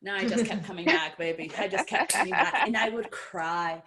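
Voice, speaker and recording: A professional wrestler from Brazil, a woman, talks casually as a podcast guest. She is animated and acts out the dialogue in her stories. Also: mid-range voice, normal speed, a loud crowd. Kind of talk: casual storytelling interview.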